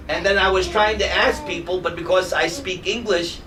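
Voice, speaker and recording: A man's voice: sits high, fairly even intonation, normal speed, a crowd in the background. A man giving a devotional class to a group, telling humorous and emotional stories. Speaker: devotional teacher. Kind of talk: spiritual class talk with storytelling. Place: hall in front of a live group. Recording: distant mic with noisy room ambience.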